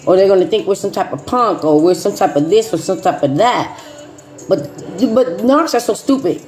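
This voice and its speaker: A middle-aged woman talks straight to her listeners, emphatic and repetitive, often sinking into low, quiet asides. Her voice sits at an ordinary pitch for a woman, and faint music plays under her. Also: expressive, normal speed. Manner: emphatic, repeating phrases, dropping to low asides. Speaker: host. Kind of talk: casual chat.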